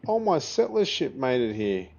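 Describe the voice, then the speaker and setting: An Australian gaming video creator gives chatty gameplay commentary, swearing freely and laughing often. His medium-pitched voice is sing-song and darkish with vocal fry at normal speed. The audio is slightly dull, with faint game music behind it.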